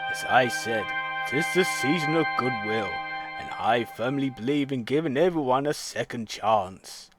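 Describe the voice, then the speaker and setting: A man voicing a kind, wise older male steam engine in an audio storybook, speaking gently and lower, over loud music. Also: lively intonation, measured pace, natural voice. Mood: warm.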